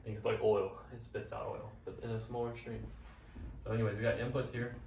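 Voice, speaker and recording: A man's voice: lowish voice, little pitch movement, fairly quick, creaky, a little mellow. Casual young man teaching at a whiteboard. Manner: casual, upbeat, slangy explaining. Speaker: business coach. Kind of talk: whiteboard business lesson. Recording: roomy, from a distance, faint noise.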